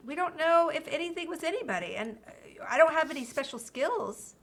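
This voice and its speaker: Woman game streamer, lively and bright, casual talk to viewers while she plays. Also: high-pitched, brisk. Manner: chatty, reads game dialogue aloud, greets chat viewers. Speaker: streamer playing a video game. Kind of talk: casual live-stream chat.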